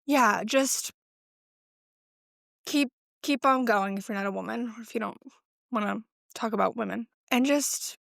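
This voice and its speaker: A woman's voice: a little high, unhurried, creaky, pauses often, fairly bright tone, dry recording, studio quality. A pregnant woman in her late twenties hosting a podcast, talking casually and swearing often, with lots of "like" fillers. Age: 20s. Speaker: podcast host. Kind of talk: casual solo chat.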